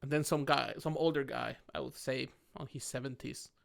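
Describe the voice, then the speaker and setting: A man's voice: medium pitch, moderate pace, creaky. A man from Mexico with a Mexican accent, co-hosting a casual podcast chat over drinks and acting out the people in his stories. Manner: animated storytelling, acting out quoted people. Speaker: podcast co-host.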